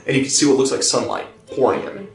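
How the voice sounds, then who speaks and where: A man narrating as game master of a tabletop game, pausing and restarting as he describes scenes. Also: mid-range voice, very animated, vocal fry. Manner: halting, many fillers and restarts while describing scenes. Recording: roomy, distant mic, faint music behind.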